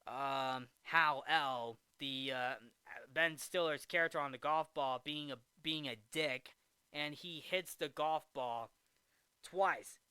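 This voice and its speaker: A man hosts a casual movie-recap vlog, rambling along and often restarting his sentences. His voice is bright and clear, pitched a little high. The recording is close and dry. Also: slow pace, no room sound. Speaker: movie review host.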